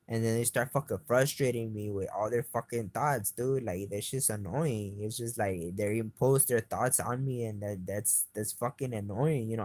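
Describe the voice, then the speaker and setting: A man's voice: fairly low pitch, a little mellow, no room sound. A man giving a rambling, profane, agitated first-person account in an interview.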